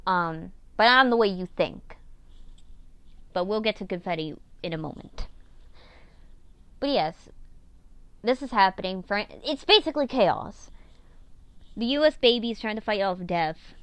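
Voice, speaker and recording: A woman retells the plot of her old series in a casual, rambling way, swearing now and then and poking fun at herself. Her voice is clear and smooth, at a middle pitch. The recording is dry and close. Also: expressive, a little slow, long pauses, a bit bright, no echo. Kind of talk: casual storytelling.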